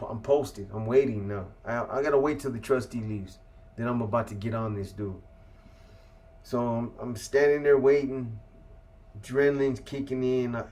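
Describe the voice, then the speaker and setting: A man's voice: mid-range voice, a little mellow. A man from California casually telling a story as an interview guest, in laid-back street slang with plenty of profanity.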